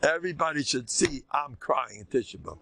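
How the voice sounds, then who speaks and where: An older man, a rabbi, giving an informal, animated Torah lecture with a conversational, joking delivery. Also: brisk, vocal fry. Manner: animated and conversational, swinging pitch, jokes with listeners. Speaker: rabbi teaching a class.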